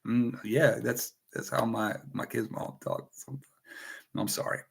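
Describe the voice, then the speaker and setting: An American man hosts a loose livestream chat with a middle-pitched voice. He rambles and jokes, breaking off to greet viewers by name. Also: steady tone, unhurried, vocal fry, breathy edge. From United States. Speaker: host.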